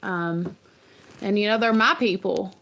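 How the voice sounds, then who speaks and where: A woman hosting a casual livestream, talking in an earnest, rambling, halting way as a parent. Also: mid-range voice, a bit bright, a little hiss or hum. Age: adult parent. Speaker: livestream host.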